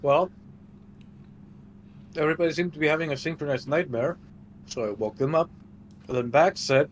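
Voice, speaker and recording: A man speaking casually as a player in a tabletop role-playing game, deadpan and nonchalant. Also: a little high, moderate pace, pauses often, slight background noise. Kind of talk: casual in-character chat.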